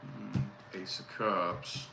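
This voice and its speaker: A man's voice: fairly low pitch, very slow, creaky, over loud music. A man giving casual live tarot readings, blunt and profane, repeating his key phrases. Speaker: tarot reader. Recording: roomy echo with faint noise.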